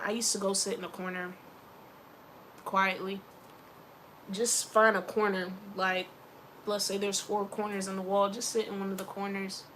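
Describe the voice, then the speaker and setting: A woman vlogger chatting casually to camera, animated and playful, with slangy asides. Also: mid-range voice, a little hiss or hum.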